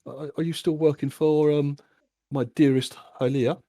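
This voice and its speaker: A man's voice: on the high side, steady tone, normal speed, warm tone, no echo, studio quality, pitched above the performer's own voice, close to an everyday voice. A man voicing a smarmy, flamboyant male innkeeper who stammers through oily, overly polite welcomes. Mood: fawning.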